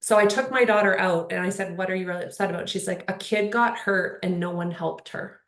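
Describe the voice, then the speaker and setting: Woman, panel speaker, mid-pitched, earnest, rambling, filler-heavy, roomy echo. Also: brisk. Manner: earnest, rambling, many fillers like "like" and "you know". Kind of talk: casual panel conversation.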